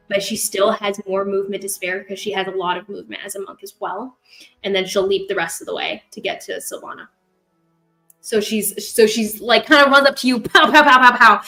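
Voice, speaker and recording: A woman's voice: medium pitch, bright, forceful tone, low-quality recording. A woman narrating as game master of a tabletop game, rambling, correcting herself and adding sound effects.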